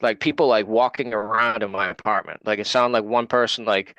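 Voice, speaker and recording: A man's voice: on the low side, fairly even intonation, fairly quick, pushed and bright, no echo, highs cut off. A man, an interview guest telling a personal story in casual talk and acting out what others said. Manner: retells events with quoted dialogue.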